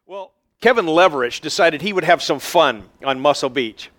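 A man preaching a sermon as pastor, speaking in a relaxed, conversational way with frequent fillers and restarts. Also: a little high, normal speed.

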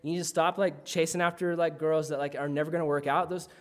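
A man voicing God as a calm, reassuring figure who gives firm, repeated instructions. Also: a little high, quick pace, close to an everyday voice.

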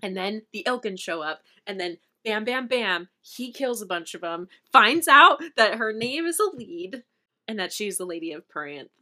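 Bright-voiced woman retelling a plot. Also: mid-range voice, normal speed. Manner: animated retelling, with many fillers. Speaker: podcast co-host. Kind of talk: casual book chat.

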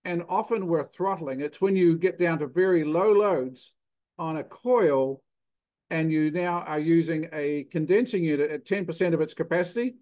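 A man's voice: fairly high pitch, normal speed, darkish tone. An older man from New Zealand with a New Zealand accent, a cheese consultant guest explaining technical matters in a plainspoken, self-deprecating way. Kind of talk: technical interview talk.

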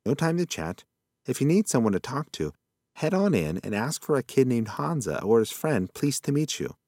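A man's voice: medium pitch, sing-song, moderate pace, dark tone, dry recording, clean studio sound, voice pushed up. A man voicing a forgetful old male possum who rambles in a folksy, muddled way. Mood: rambling.

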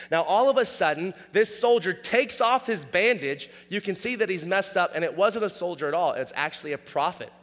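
Brief: male pastor, slightly high voice, chatty sermon delivery, long hall reverb. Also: lively intonation, fairly quick, few pauses, a bit bright. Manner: casual, conversational, checks in with "all right?".

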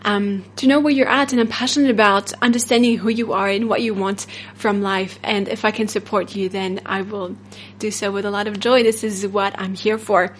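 A woman's voice: medium pitch, fairly even intonation, normal speed, hardly any pauses, slight background noise. A woman with a French accent hosting a solo podcast as a self-love coach, rambling and upbeat with frequent fillers and laughs.

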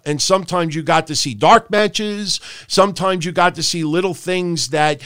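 A man's voice: on the high side, a bit bright, smooth, no echo, studio quality. A man hosting a wrestling podcast, ranting profanely and animatedly, with mocking impressions of other people. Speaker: podcast host.

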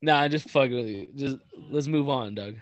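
A man co-hosting a loose podcast chat, rambling along in slang with plenty of cursing and filler words. His voice sits at an ordinary middle pitch for a man. The recording is close and dry, with almost no room sound. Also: moderate pace, dry recording. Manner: slangy, swears a lot, rambling with many fillers. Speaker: podcast co-host.

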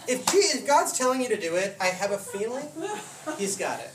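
A man's voice: sits high, expressive, fast talker. A man preaching a casual sermon, telling stories with laughs and voiced asides. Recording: roomy hall from a distant mic with noise.

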